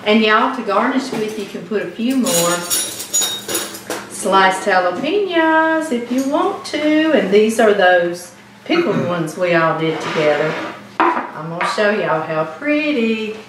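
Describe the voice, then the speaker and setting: A woman's voice: medium pitch, lively intonation, a little slow, background noise. A woman hosting a home cooking show, chatty and bubbly as she talks straight to her viewers. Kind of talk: casual cooking demo and taste test. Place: home kitchen. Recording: echoey kitchen, far from mic.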